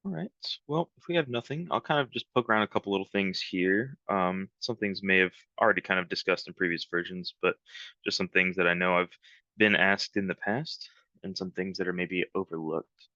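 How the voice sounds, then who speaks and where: Deep-voiced man leading a software webinar. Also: fairly quick, no echo, dull audio. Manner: relaxed, rambling, many ums. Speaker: webinar trainer. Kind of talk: live software training webinar.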